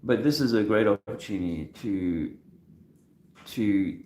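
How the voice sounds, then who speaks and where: A man hosting a casual livestream, talking in a halting way full of restarts and fillers, soft-spoken and emotional at times. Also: lowish voice. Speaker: video host. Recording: echoey room with faint noise.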